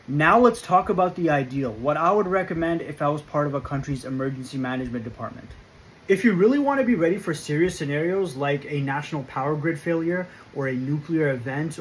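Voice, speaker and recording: A man with a slightly raised voice talks through a scripted prepping explainer. He is firm and emphatic, and he spaces his points in a measured rhythm. A faint hum of noise sits under the recording. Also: fairly high pitch, low-quality recording. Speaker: prepping channel host.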